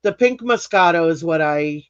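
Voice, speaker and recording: On her live craft stream, a woman with a lowish, smooth, animated voice talks at normal speed, casually reading comments while laughing often and rambling through restarts. The dry, slightly muffled audio has no echo.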